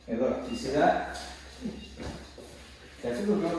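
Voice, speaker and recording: A man teaching dog training, explaining calmly and switching to high coaxing praise for the dog. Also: measured pace. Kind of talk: hands-on training lesson. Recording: very echoey, distant mic, faint noise.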